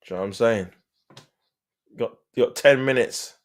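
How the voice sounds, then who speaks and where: A man's voice: mid-range voice, normal speed. A man hosting a live stream, giving casual, slang-heavy fan commentary on a match and getting exasperated at the play. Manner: slangy, talks to viewers, gets exasperated at play.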